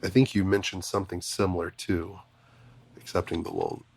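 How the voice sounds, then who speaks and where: A man talking as a podcast guest, an animated storyteller who laughs often. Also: sits low, moderate pace, vocal fry, slight background noise. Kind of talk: casual conversation.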